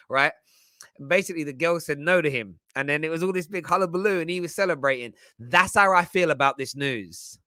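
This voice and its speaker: A man's voice: fairly high pitch, brisk, sharp tone, no echo, clean studio sound. A man hosting football fan commentary, talking in a passionate, emphatic way. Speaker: football channel host.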